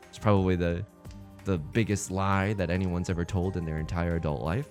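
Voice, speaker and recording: A young man giving casual, playful commentary while he plays an online game, with jokey asides and sudden excited jumps. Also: low voice, fairly quick, faint music behind. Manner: drops to a stage whisper at times. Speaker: let's play streamer.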